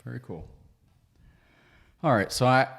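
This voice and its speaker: A man with a lively, animated voice co-hosting a podcast. He chimes in with short reactions and questions. His voice sits at a middle pitch. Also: measured pace, gravelly, husky. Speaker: podcast co-host. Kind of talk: casual podcast chat.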